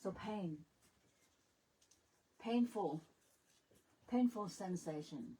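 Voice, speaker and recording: A woman's voice: fairly low pitch, animated, very slow, mellow, slightly rough, low-quality recording. A woman, a Buddhist nun, giving a dharma talk at a retreat, laughing often and repeating phrases, with slightly non-native English grammar. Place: retreat center teaching hall.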